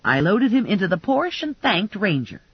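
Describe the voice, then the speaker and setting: A woman narrating a first-person crime comedy audiobook in a lively, wry storytelling manner. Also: mid-range voice, moderate pace, breathy edge, dull audio.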